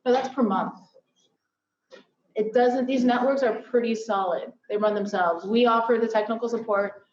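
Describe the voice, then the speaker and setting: A woman's voice: on the high side, normal speed, darkish tone, slight background noise. A woman giving an upbeat conference presentation with joking asides. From Silicon Valley. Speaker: workshop presenter. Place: lecture hall. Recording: echoey hall from far off, dull.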